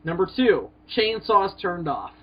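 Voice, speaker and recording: A man with a high, husky voice trading jokes on a podcast. He talks animatedly and swears freely. The audio is dull and lo-fi. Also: big pitch swings, a little slow. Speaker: podcast co-host. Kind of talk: casual comedic banter.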